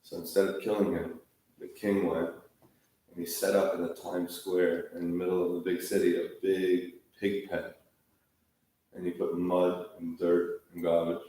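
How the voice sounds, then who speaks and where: Man, storytelling sermon, deep dark voice, conversational and repetitive, far off in a roomy hall. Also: little pitch movement, unhurried. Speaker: speaker at a Tisha B'Av gathering. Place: large hall, sitting on the floor.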